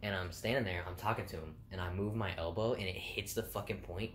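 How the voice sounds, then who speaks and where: A man's voice: deep voice, fairly even intonation, quick pace. A young man casually telling funny stories from his job, often laughing, rambling and swearing. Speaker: vlogger telling work stories. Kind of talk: casual storytelling. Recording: echoey room with faint noise.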